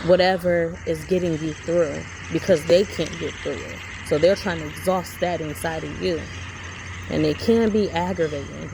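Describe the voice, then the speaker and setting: Gravelly-voiced woman preaching in a vlog. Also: lowish voice, noisy background. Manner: rambling, preachy, repeats herself. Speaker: vlogger. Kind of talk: casual motivational monologue.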